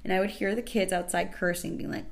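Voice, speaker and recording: A woman hosting a podcast, telling stories in a casual comedic way, animated and sarcastic, exaggerating for effect. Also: mid-range voice, fast, gravelly. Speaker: podcast host.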